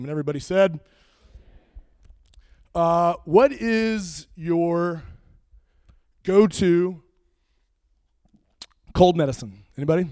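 A young man, a youth pastor, preaching and telling a funny personal story with animated, jokey asides. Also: fairly high pitch, slow pace, pauses often, clear, resonant tone, no echo, studio quality.

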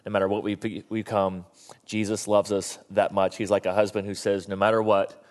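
A male pastor preaching a sermon, an animated storyteller who slips into high comic voices when quoting. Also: a little fast. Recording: long reverb of a large hall.

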